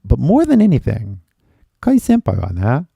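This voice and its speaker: A man's voice: mid-range voice, huge pitch swings, normal speed, gravelly, dark tone, breathy edge, no room sound, clean studio sound. A man who teaches English, talking loosely in a live-stream lesson with a slight American accent, full of "like" and "right?" and switching into Japanese now and then. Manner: loose and chatty, mixes Japanese into his English; filler-heavy, lots of "like" and "right?".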